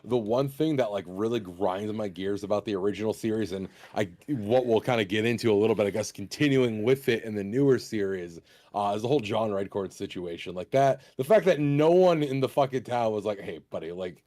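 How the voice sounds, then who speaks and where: A man co-hosting a casual talk show, wry and relaxed, with the odd curse word. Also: fairly low pitch, a little fast. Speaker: podcast co-host. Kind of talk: casual chat.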